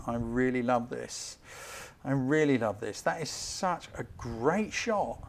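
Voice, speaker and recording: A man giving a live-streamed photo critique as a photography tutor, chatty and enthusiastic, hurrying along with quick apologies. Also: a little high.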